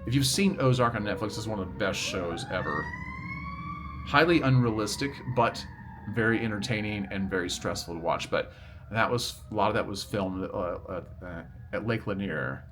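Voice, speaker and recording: A man's voice: fairly low pitch, animated, moderate pace. A middle-aged man vlogging outdoors near a road, telling stories to the camera in a chatty, rambling, good-humored way. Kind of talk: casual storytelling to camera. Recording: faint traffic noise outdoors. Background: faint traffic noise.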